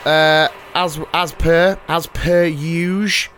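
A man's voice: on the high side, steady tone, takes it slowly, a bit bright, slight background noise. A man hosting a casual podcast, joking, singing little snippets and laughing often. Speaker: podcast host.

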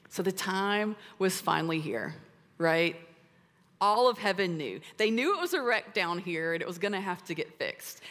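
A woman speaker giving an animated, conversational sermon to a room full of women at a church gathering. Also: fairly low pitch. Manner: animated and conversational, with lots of "like" and "right?". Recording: long hall reverb.

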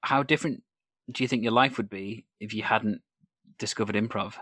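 An interviewer asks questions about improv and keeps the talk moving with quick affirmations and small laughs. The voice sits at a middle pitch and is recorded close and dry, with no room sound around it. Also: a bit bright, dry recording. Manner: encouraging, frequent short laughs and affirmations.

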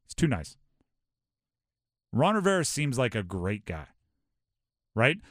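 A man from Hawaii hosting a sports talk show, animated and rhetorical, often acting out quotes. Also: medium pitch, slow pace, no room sound, studio quality.

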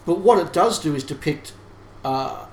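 A man talks through a casual podcast discussion in a thoughtful, analytical way, often restarting his sentences. His voice sits a little high. The recording sounds roomy, with a faint hiss underneath. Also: lively intonation, normal speed, darkish tone. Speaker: podcast co-host.

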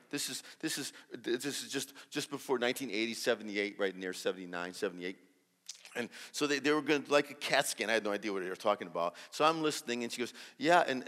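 Animated man preaching in a big hall. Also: mid-range voice. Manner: animated, acts out dialogue, restarts often. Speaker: guest preacher. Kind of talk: sermon with storytelling. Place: large church hall.

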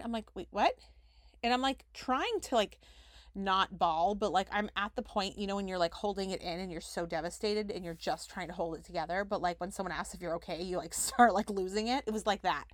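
A woman's voice: mid-range voice, normal speed, dry recording. A young woman telling a personal story on her podcast, with chatty delivery full of "like" as she reenacts conversations. Her voice sits in an ordinary middle range, close and dry with no room sound. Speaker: podcast host. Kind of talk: casual storytelling.

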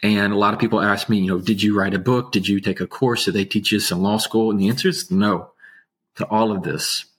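A man speaking as an interview guest, an attorney, with a calm, soothing low voice and slow, measured delivery. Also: slightly rough. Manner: slow, measured, unhurried speech. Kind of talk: casual interview talk.

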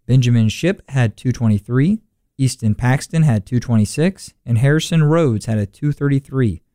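A young man fills in as co-host and reports college golf results. His voice is mellow and a little dark, and his delivery is relaxed, with many fillers. The recording is dry and close. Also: mid-range voice, normal speed, dry recording. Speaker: stand-in co-host. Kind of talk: casual sports results rundown.

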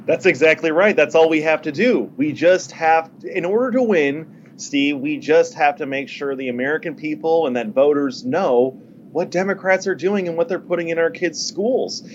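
An emphatic man joining an interview remotely. His voice sits a little high, and the line sounds dull and lo-fi. A faint hiss runs beneath him. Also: normal speed. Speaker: guest.

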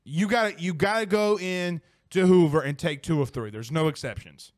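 A man's voice: on the high side, moderate pace, no room sound, clean studio sound. A young man hosting a casual sports podcast, exclaiming and swearing as he reads viewer comments. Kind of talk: casual live-stream chat.

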